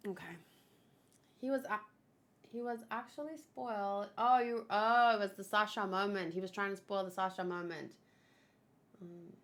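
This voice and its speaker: A woman hosting a manga read-along, chatting casually with quick, giggly asides. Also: medium pitch, pushed and bright. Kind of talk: casual chat and reading aloud.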